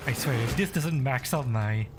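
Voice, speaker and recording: A gaming streamer giving profane, ranting commentary with loud, swearing outbursts of frustration. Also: mid-range voice, normal speed, background noise.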